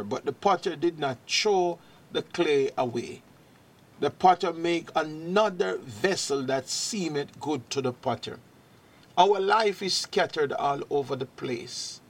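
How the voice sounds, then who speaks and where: A man preaching a sermon and reading scripture aloud, slow and deliberate, rising in emphasis on key verses. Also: a little high, fairly bright tone.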